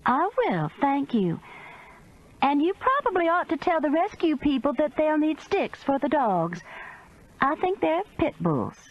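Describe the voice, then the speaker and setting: A woman's voice: high voice, very animated, a little slow, highs cut off, pitched above the performer's own voice. A woman voicing a flustered older Southern woman, the story's heroine, talking in alarmed urgency. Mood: polite.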